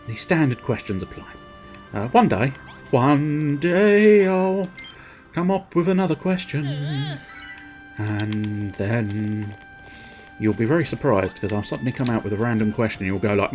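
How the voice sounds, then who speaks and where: Streamer, man, playful rambling game commentary, lively, sing-song delivery. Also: mid-range voice, measured pace, long pauses, faint music behind. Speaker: livestreamer. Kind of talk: casual gameplay commentary.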